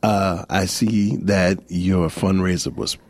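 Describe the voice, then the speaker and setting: A man with a New Orleans accent hosting a casual radio interview, laid-back and lively, with a deep gravelly voice. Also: slow. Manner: laid-back, lively, repeats a drawled catchphrase, chuckles often. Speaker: radio show host.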